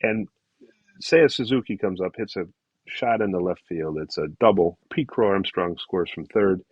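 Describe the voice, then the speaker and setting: A man's voice: low-pitched, normal speed, slightly rough, no room sound. A male podcast co-host recapping baseball in a rambling, casual way with many fillers. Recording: dull lo-fi recording.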